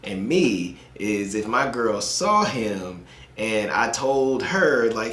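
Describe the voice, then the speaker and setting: A man's voice: lowish voice, lively intonation, slow pace, fairly bright tone. A man hosting a podcast, chatting in a laid-back way and laughing often. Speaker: podcast host. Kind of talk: casual podcast chat. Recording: echoey room with faint noise.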